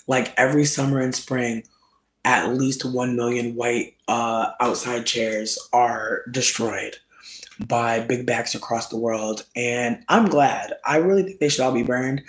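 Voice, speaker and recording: A man hosting solo, telling a casual comedic rant in slangy, profane, animated storytelling. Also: medium pitch. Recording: roomy echo.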